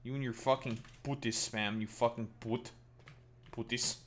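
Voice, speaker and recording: A man's voice: mid-range voice, steady tone, moderate pace, a little hiss or hum. A man streaming a game live, talking casually and ranting profanely at his chat.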